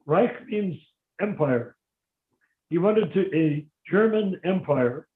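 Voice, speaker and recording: A man's voice: a little high, animated, takes it slowly. A man raised in America, answering a question at length in a live Q&A, telling history in a rambling, discursive way. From United States. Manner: discursive, digressive storyteller. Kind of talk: live Q&A, long explanatory answers. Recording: tinny phone-like line in an echoey room.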